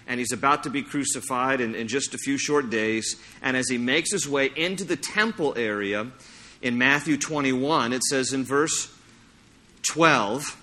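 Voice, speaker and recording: A middle-aged man preaching a sermon in a church, lively and storytelling, acting out little scenes as he goes. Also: mid-range voice. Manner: animated, acts out anecdotes with playful sung impressions. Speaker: pastor. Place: church sanctuary.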